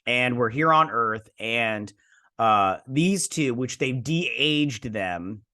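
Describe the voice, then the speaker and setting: A man's voice: mid-range voice, animated, slow pace, bright, forceful tone. A man hosting a casual episode review, chatty and rambling, full of fillers and blunt opinions. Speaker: host.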